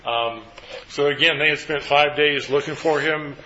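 A man's voice: fairly high pitch, steady tone, moderate pace, bright, forceful tone, dull audio, a little hiss or hum. A man leading a group Bible study, asking the group questions and then recapping their answers.

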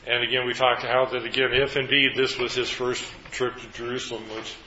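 A man's voice: medium pitch, level tone, fairly quick, sharp tone, muffled recording, slight background noise. A man leading a group Bible study, asking the group questions and then recapping their answers.

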